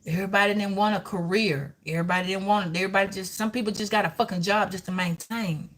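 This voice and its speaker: Woman, tarot reader, bright voice, cussing, rambling, preachy. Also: mid-range voice, steady tone, quick pace. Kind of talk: live-stream tarot reading.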